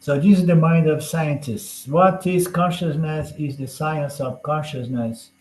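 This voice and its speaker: Guy teaching a scripture class, kinda high voice, chatty with jokes, echoey room. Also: steady tone, unhurried, a little mellow. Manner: chatty, peppers points with "you know?" and jokes. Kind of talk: conversational lecture.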